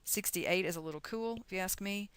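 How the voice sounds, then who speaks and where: A woman's voice: medium pitch, a little fast, smooth, no echo. A middle-aged woman from the United States teaching chemistry in a recorded lecture, chatty and encouraging as she talks through calculations aloud.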